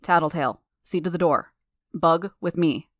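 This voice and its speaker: Woman doing a commanding male supervillain, terse, slow, low-pitched, dry close sound, audiobook. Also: no echo, lightly acted.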